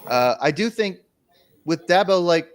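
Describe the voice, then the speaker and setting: A man's voice: high-pitched, expressive, unhurried, clean tone. A man on a sports betting podcast panel, giving his picks in a wry, casually dismissive way. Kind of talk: casual sports analysis chat.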